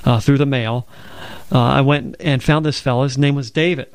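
A man's voice: medium pitch, fairly even intonation, moderate pace, clear, resonant tone, no room sound. A man from Alabama with a Southern accent, hosting a radio Bible program and earnestly quoting scripture. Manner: earnest, quotes scripture at length. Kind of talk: conversational Bible discussion.

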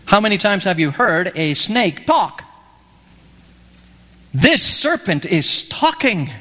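In an echoey hall, a man delivers a sermon conversationally, often turning to ask his audience questions. His voice is high-pitched with a fairly bright tone.

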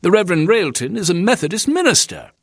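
A male narrator plays a cheerful bathhouse proprietor, brisk and courteous, his voice bouncing with lively pitch. The sound is dry and close. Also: husky, dry recording, heavily acted. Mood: cordial.

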